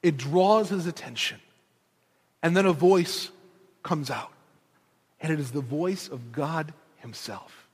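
A male pastor preaching a sermon in an animated, storytelling way with casual conversational asides, in a church. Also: fairly high pitch, slow, pauses often, husky. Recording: reverberant hall.

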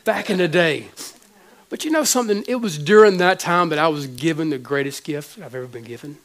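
A high-pitched man in his forties preaches from the pulpit as a pastor. His delivery is heartfelt and halting, full of restarts and repeated words. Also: a bit bright. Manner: emotional, halting with many restarts. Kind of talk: sermon.

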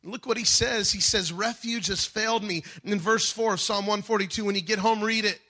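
A man preaching a sermon, moving between quiet reflection and loud, emphatic calls. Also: high voice, steady tone, quick pace, husky. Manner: dynamic preaching, swings from soft to shouting. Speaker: pastor.

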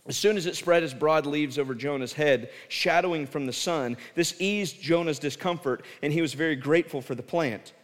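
A man's voice: a little high, moderate pace, hardly any pauses. Man preaching in an echoing hall. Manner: animated storytelling, drops to soft intense emphasis. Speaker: pastor. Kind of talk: sermon. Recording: reverberant hall.

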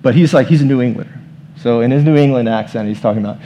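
A man's voice: mid-range voice, fast talker, mellow. A man giving a conversational sermon as pastor, talking informally and leading the room in prayer.

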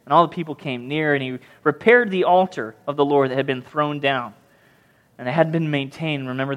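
A man preaching a sermon as pastor, reading scripture and acting out scenes with mocking, lively voices. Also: a little high. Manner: animated, mocking voices when retelling the story.

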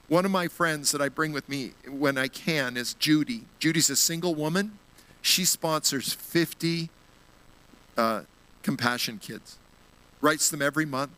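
Bright-voiced man preaching. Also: on the high side, measured pace, low-quality recording. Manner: earnest storytelling, gets emotional. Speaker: guest speaker at a church. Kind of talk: sermon.

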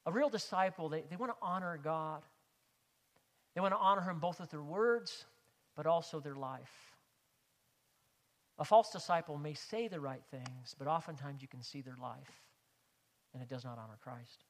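A man's voice: fairly high pitch, moderate pace, pauses often, a bit bright, long reverb tail. A man preaching a sermon as a pastor, reading scripture aloud and speaking earnestly to the congregation.

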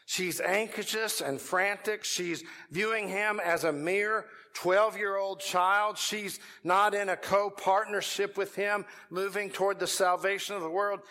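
A man's voice: high-pitched, pushed and bright, big-room sound. A man with a Texan accent preaching a sermon as pastor, telling stories in a conversational way and building to emphatic points. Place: church sanctuary.

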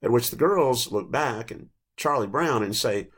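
An older man in his late sixties preaching a reflective sermon, telling stories gently with small restarts. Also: mid-range voice, animated, unhurried, slightly rough. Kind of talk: sermon with storytelling.

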